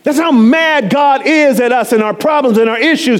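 A man preaching a sermon, animated and chatty, often laughing and poking fun at himself as he talks to the congregation. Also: very high-pitched, moderate pace. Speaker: pastor.

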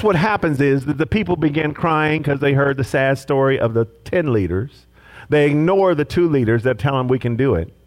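Lively high-voiced male preacher. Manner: animated preaching, acting out quoted speech. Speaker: pastor. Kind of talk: sermon.

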